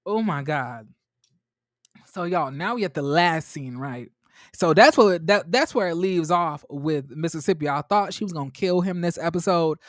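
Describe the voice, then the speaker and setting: Animated man gossiping through a recap. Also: high voice, dry recording, clean studio sound. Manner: animated, gossipy retelling with acted-out quotes. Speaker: TV review host. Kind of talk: casual recap vlog.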